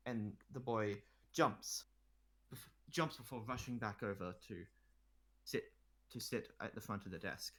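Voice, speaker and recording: A man's voice: on the low side, normal speed, a bit bright. A man narrating a tabletop role-play in the second person, often restarting and repeating phrases.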